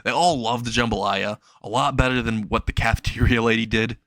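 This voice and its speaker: A man's voice: medium pitch, fairly even intonation, fairly quick, a bit bright, no room sound, studio quality. A man casually improvising a fan story, chuckling and rambling with frequent restarts.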